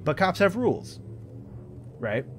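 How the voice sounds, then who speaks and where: A man's voice: high voice, sing-song, slow pace, soft background music. An American man hosting a gaming channel, giving rambling, frustrated commentary over gameplay with lots of swearing and restarts. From United States.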